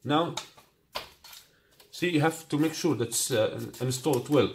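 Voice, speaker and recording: A man's voice: mid-range voice, a little slow. A man whose first language is Arabic, casually demonstrating and reviewing a scooter in non-native English and often asking "you got me?". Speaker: product reviewer. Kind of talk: casual unboxing demo. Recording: echoey room, faint noise.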